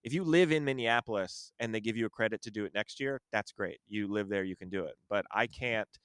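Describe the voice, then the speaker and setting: Comedian guy ranting about a story, smooth voice, super dry sound, digs in hard. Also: on the low side, fairly quick, dry recording. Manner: animated storyteller, defensive and emphatic. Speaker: comedian podcast host. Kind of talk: casual chat.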